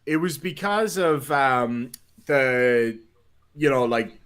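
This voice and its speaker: A man's voice: medium pitch, expressive, takes it slowly, fairly bright tone, a little hiss or hum. A man from Ireland with a mild Cork accent, chatting casually as a podcast co-host, explaining things with lots of "like" and "you know". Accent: Cork Irish. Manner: chatty, explains with many fillers and "like". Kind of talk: casual group chat.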